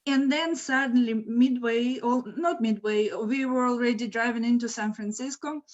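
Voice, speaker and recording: A woman telling a true story in a casual, animated way, laughing now and then, over a video call. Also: on the high side, lo-fi sound. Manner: lively, animated, laughs mid-sentence. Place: home, virtual event.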